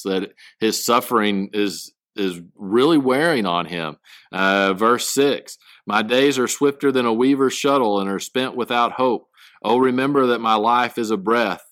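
A man teaching a Bible study, reading verses aloud and then explaining them in halting, casual speech full of restarts. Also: fairly low pitch, fairly bright tone, no echo.

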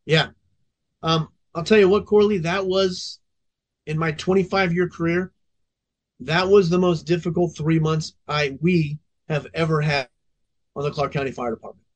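A man's voice: on the high side, fairly even intonation, moderate pace. A man in his forties, a veteran fire officer, telling a story on a podcast in an intense, profanity-laced way.

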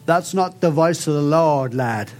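A man's voice: on the high side, a little mellow, faint music behind, natural voice. A man putting on an English accent to play a blunt, fatherly English prophet who drawls and calls people lad. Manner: slow, drawn-out, calling people lad.

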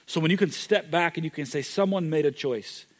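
Male pastor, slightly higher voice, sermon delivery, emphatic then hushed. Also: brisk. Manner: dynamic preaching, swings from loud emphatic to hushed.

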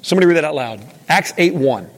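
A man's voice: fairly high pitch, expressive, fast talker. A man leading an interactive Bible lesson, talking casually and putting questions to the room. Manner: conversational, asks the room questions. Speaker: teacher leading a Bible study.

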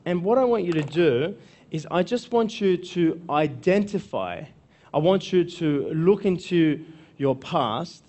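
A man's voice: a little high, expressive, unhurried, darkish tone. Man coaching a live seminar audience. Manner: conversational, keeps checking in with "okay?", repeats phrases. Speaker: workshop speaker and coach.

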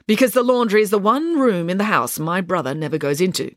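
A woman's voice: medium pitch, expressive, dry recording, clean studio sound, natural voice. A woman doing a bossy, scheming pig nanny. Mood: brisk commanding. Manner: brisk, commanding, scheming.

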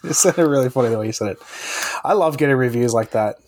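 A man hosts a podcast, chatting casually and rambling with lots of fillers. He talks fast in a medium-pitched, slightly mellow voice.

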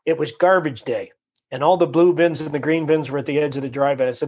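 A man from Canada, a guest in a conversation, telling a story with animated energy, acting out quotes and often repeating his words. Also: fairly high pitch, quick pace.

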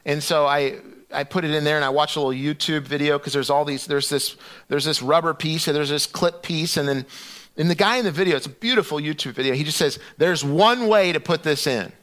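Middle-aged male pastor, fairly high voice, chatty sermon delivery with lots of restarts. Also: quick pace. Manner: conversational, animated storytelling with restarts.

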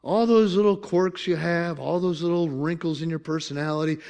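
A man's voice: on the high side, steady tone, normal speed, creaky, darkish tone. A man pastor preaching a sermon in a conversational way, with joking asides and questions to the congregation.

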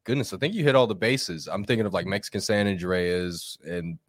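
A man co-hosting a casual live chat show, relaxed and bantering with jokes. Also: deep voice, fairly quick, no room sound, clean studio sound. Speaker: co-host.

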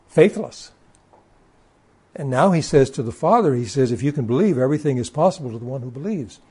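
Reading from scripture and then unpacking it, a male preacher delivers an expressive sermon in a warm, dark, mid-range voice with some huskiness. He stresses important words and occasionally trips into fast, stammered restarts while driving his message home.

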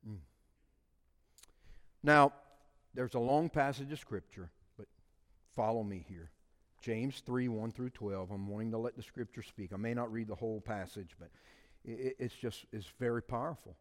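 A man preaching a sermon, swinging between shouted emphasis and hushed, quiet asides. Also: medium pitch, normal speed, long reverb tail. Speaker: pastor.

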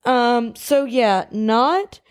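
A woman's voice: on the high side, extremely slow, clean tone. A young woman hosting a solo podcast from home, ranting in a casual, emphatic way and peppering her talk with slang. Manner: animated, emphatic, slangy ("bro", "baby"). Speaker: podcast host.

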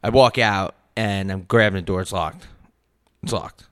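A man's voice: low voice, measured pace, a bit bright, clean tone, dry recording, studio quality. A young man co-hosting a podcast, telling a story casually, swearing freely, his voice jumping up when he gets heated. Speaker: podcast co-host.

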